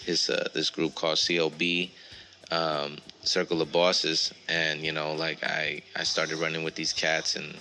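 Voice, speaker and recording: Male rapper guest, deep and bright-toned, stop-start slangy delivery, light background noise. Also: completely flat delivery. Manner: halting, repeats words, heavy slang and swearing. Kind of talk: casual interview talk.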